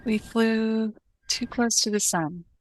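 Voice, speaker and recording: A woman voicing a fiery young refugee bard who speaks slowly and deliberately. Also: on the high side, slight background noise, rough recording. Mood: earnest.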